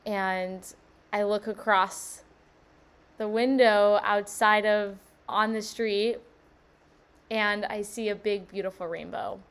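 A young woman in her twenties talks through her solo podcast in a smooth, clear voice. She is bubbly and effusive and keeps gushing with wonder, while her speech stays unhurried. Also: medium pitch, fairly even intonation, fairly bright tone. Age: 20s. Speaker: podcast host. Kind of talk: casual solo podcast monologue.

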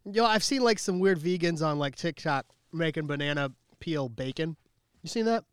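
A man's voice: a little high, expressive, normal speed, clean tone, dry recording. A man with a stuffy nose co-hosting a podcast in a studio, rambling and joking as he talks. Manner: rambling, jokey, stumbling over words. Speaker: podcast co-host. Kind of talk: casual podcast chat.

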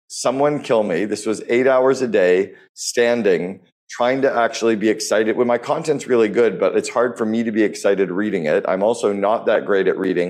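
A man's voice: sits low, darkish tone. A man hosting a podcast interview, talking enthusiastically and bluntly, with casual swearing. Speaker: podcast host.

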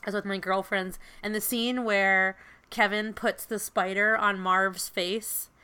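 A woman in her fifties co-hosts a casual podcast and chats in an animated, storytelling way. Her voice is bright and clear. She leans on fillers as she goes. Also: medium pitch, measured pace. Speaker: podcast co-host. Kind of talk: casual chat.

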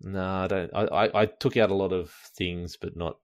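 A man co-hosting a casual gaming podcast, chatty, laughing often and filling pauses with ums. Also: deep voice, fairly even intonation, dry recording. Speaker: podcast co-host.

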